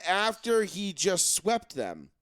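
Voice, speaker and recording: A man co-hosting a sports podcast, ranting profanely and mocking players with quick put-on voices. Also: high-pitched, wildly swooping pitch, a bit bright, no echo, clean studio sound. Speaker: podcast co-host. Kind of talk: casual sports talk.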